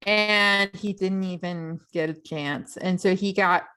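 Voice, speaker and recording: A woman co-hosting a book club podcast, chatting casually and retelling the plot with quick asides and frequent laughter. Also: fairly low pitch, steady tone, pushed and bright, clean tone. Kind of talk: casual chat.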